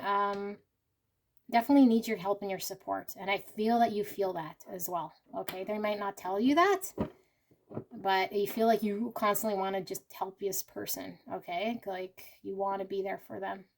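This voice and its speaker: A woman reading tarot cards for her viewers, earnest and emotional, speaking straight to them. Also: medium pitch. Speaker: tarot reader. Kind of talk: intuitive pick-a-card tarot reading.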